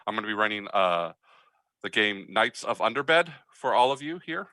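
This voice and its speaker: Male game master, bright tone, dry mic, hesitant filler-heavy delivery. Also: fairly low pitch, big pitch swings, no echo, low-quality recording. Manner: halting, many fillers, friendly. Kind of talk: running an online tabletop game.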